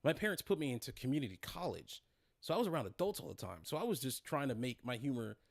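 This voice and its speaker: A man's voice: mid-range voice, big pitch swings, fast, vocal fry, no echo, clean studio sound. Rambling profane young man streaming. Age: 20s. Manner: rambling, profane, many fillers and restarts. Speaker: streamer host. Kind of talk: casual livestream chat.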